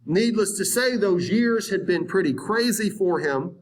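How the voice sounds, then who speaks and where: A man giving a history lecture in an animated, conversational way, acting out historical viewpoints. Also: sits high, unhurried. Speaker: history teacher. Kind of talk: classroom lecture.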